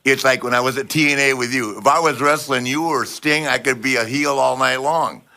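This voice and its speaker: Man, older, podcast host, animated storyteller, acts out dialogue, laughs a lot, bright tone. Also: medium pitch, fairly quick. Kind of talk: casual storytelling chat.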